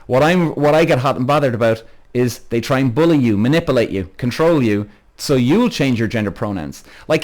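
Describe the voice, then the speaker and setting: A man runs a live podcast Q&A, chatting loosely with viewers and greeting them by name. He rambles and gets worked up, swearing freely. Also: on the high side. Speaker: podcast host. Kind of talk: live-stream Q&A, reading out comments.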